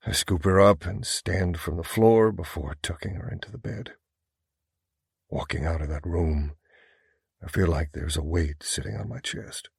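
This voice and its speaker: A man narrating a first-person romance novel in an intense, gruff, steady way. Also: deep voice, unhurried, dry recording, studio quality. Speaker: audiobook narrator.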